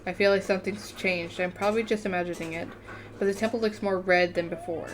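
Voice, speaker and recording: A woman's voice: mid-range voice, steady tone, fast, a little hiss or hum. A woman reading the text of a story game aloud in a casual let's-play manner, often tripping over words and correcting herself. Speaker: gamer reading a visual novel aloud.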